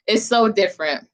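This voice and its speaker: Young woman from philly, chatty livestream host, talks slangy and straight to the viewers. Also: medium pitch. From Philadelphia. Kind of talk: casual livestream chat with viewers.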